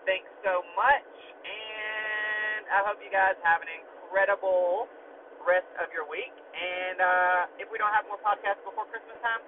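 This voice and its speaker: A man hosting a podcast, telling a story in an animated, casual way, with lots of "like" and the odd curse word. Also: high-pitched, a little slow. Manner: animated, chatty, heavy use of "like", casual swearing. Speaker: podcast host. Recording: tinny phone-like sound with faint noise.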